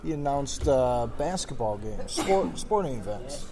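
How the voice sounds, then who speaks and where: A man's voice: mid-range voice, sing-song, a little slow, dark tone. A man co-hosting a casual podcast, joking around. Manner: joking, does impressions. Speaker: podcast co-host. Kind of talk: casual chat.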